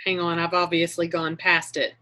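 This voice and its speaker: A woman's voice: lowish voice, monotone, normal speed, sharp tone. A woman leading an online group on a video call, chatting in a meandering way and often correcting herself mid-sentence. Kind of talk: casual chat on a video call.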